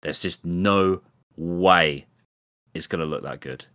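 Brief: young British male co-host, lowish pitch, dry close sound, animated casual chatter. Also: slow pace, no echo. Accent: British English. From Britain. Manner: animated, mocking impressions. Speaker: podcast co-host. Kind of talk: casual chat.

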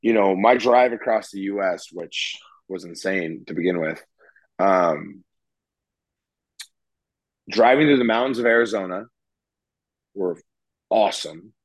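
Man, casual chat, animated, laughs often, low-ish voice, dry sound. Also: measured pace, pauses often, no echo, rough recording. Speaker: podcast co-host. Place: California.

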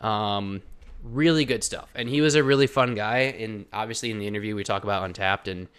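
A man's voice: lowish voice, a little fast, fairly bright tone, smooth. Easygoing man hosting a podcast. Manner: easygoing, laughs, casual fillers. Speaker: podcast host and interviewer. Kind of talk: casual chat.

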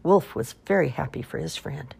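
A woman reading children's stories aloud with expressive storytelling. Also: deep voice, moderate pace, creaky, husky. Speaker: storybook reader.

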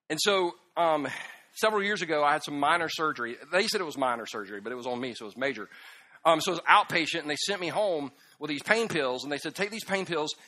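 This is a man, preaching with self-deprecating humor. His voice sits high and rings very bright. He tells his stories with big swings between quiet and loud. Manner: animated storytelling, swings from hushed to loud laughing outbursts. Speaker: pastor.

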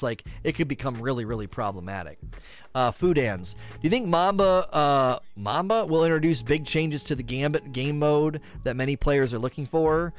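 A male streamer with a fairly high voice rants about a game in an animated, exasperated way, stumbling over and repeating his words. Faint music plays underneath. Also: moderate pace. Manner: animated, exasperated ranting with repetitions. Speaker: streamer answering community questions. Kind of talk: casual gaming commentary.

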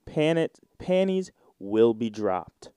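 A young man in his twenties hosts his own podcast and talks loosely in slang, with a mellow, warm tone. His voice sits dry and close, with no room around it. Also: medium pitch, sing-song, extremely slow, clean tone, no echo. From United States. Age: 20s. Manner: rambling, joking, slangy and irreverent. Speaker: podcast host. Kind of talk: casual solo podcast chat.

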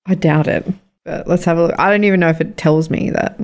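A woman's voice: low-pitched, fairly even intonation, a little fast, darkish tone. A woman co-hosting a podcast in casual chat, laughing often and swearing freely. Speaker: podcast co-host.

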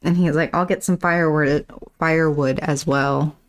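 A woman with a low voice co-hosts a book-club podcast. She reads passages aloud and then retells them loosely, slipping into "she's like" as she goes. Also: fairly even intonation, normal speed. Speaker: podcast co-host. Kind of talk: casual book-club reading and recap.

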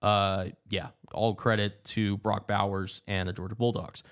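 A man co-hosting a casual sports podcast speaks a little slowly in a level, lowish voice. He rattles off rankings like a broadcaster.

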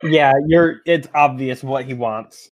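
A man running a tabletop game as game master, giving calm, matter-of-fact rulings. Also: mid-range voice, slow pace, no room sound.

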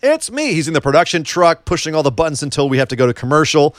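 A man's voice: fairly high pitch, steady tone, very fast, dry recording, clean studio sound. A man co-hosting a casual wrestling chat, joking around and asking lots of questions. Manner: chatty, joking, asks many questions. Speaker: wrestling podcast co-host.

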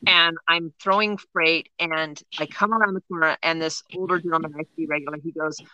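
A woman's voice: sits low, fairly quick, no room sound, lo-fi sound. A woman co-hosting a podcast, telling funny work stories in casual chat and often laughing as she talks. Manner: laughs through her stories, animated. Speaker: podcast co-host.

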